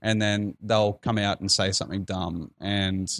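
A man's voice: lowish voice, steady tone, a little slow, fairly bright tone, no echo. A man hosting a podcast, telling stories in a casual, rambling way and swearing freely. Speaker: podcast host. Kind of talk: casual chat.

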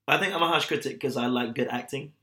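A man's voice: medium pitch, fast talker, sharp tone. A young man chatting bluntly and mockingly on a podcast, retelling stories with animation. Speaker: podcast co-host. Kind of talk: casual chat. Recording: echoey room.

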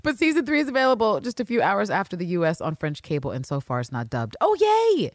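A woman co-hosting a podcast in casual chat, animated and swearing, laughing often. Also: lowish voice, fast talker, dry recording, clean studio sound. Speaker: podcast co-host.

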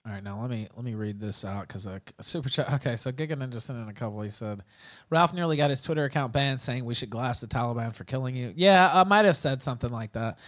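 Male livestream host, relaxed, reads viewer messages, mid pitch. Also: quick pace. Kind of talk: livestream talk show.

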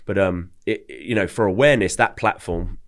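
A man's voice: low-pitched, brisk. A young man from England, telling a story in a casual, chatty way as a podcast guest, often repeating words as he starts his sentences. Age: young adult.

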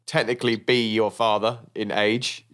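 A man's voice: lowish voice, little pitch movement, normal speed, a bit bright, smooth. A middle-aged man hosting a podcast, chatting casually and rambling a little between topics. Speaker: podcast host.

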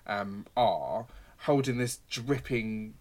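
A man co-hosting a casual film chat, retelling scenes in an animated way with frequent ums and laughs. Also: fairly low pitch, slow pace. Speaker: podcast co-host.

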